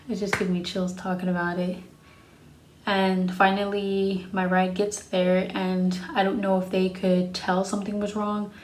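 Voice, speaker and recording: Blunt young woman, flat delivery. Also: medium pitch, roomy sound. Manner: frank and profane, blunt retelling. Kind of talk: casual storytime vlog.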